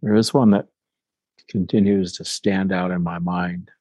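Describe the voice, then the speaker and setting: A man in his seventies, an interview guest telling his own story in a measured, thoughtful way. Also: low voice, steady tone, a little mellow, no room sound, low-quality recording. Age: 70s. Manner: measured, thoughtful, with small restarts.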